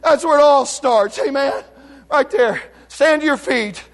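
Man, pastor at the pulpit; high, fervent delivery swinging from shouts to hushed asides, call-and-response with the church. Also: a little slow. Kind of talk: revival sermon. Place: church sanctuary.

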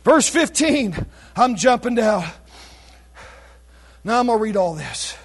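A man preaching a sermon, reading scripture aloud and calling out to his congregation with shouted exclamations, while losing his voice. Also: sits high, sing-song, takes it slowly, slightly rough. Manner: reads scripture in King James wording.

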